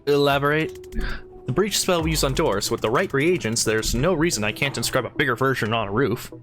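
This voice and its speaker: A man's voice: medium pitch, fairly quick, fairly bright tone, faint music behind. A man playing a video game, reading the dialogue aloud and breaking off for casual asides. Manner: reads lines aloud with chatty asides. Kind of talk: casual let's-play narration.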